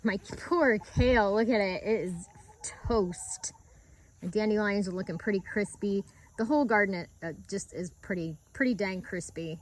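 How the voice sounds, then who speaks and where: A woman's voice: medium pitch, normal speed. A middle-aged woman vlogging outdoors on her homestead at sunrise, talking in an earnest, reflective, heartfelt way into a handheld camera. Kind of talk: casual outdoor vlog talk.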